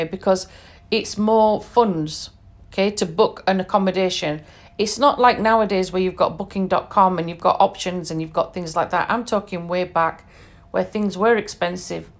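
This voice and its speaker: A British woman in her forties hosting a podcast, telling personal stories in a chatty, emphatic way with frequent fillers and asides. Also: lowish voice. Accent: British English. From England. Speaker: podcast host. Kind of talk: personal storytelling monologue.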